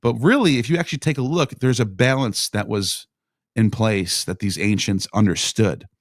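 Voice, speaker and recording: A man's voice: on the low side, moderate pace, no echo, clean studio sound. A man as a podcast guest in casual discussion, thinking aloud in meandering explanations.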